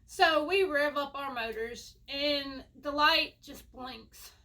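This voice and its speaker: A woman's voice: sits high, slow pace, sharp tone. A young woman, telling a rambling, self-mocking storytime at home. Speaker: vlogger. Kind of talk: casual storytime.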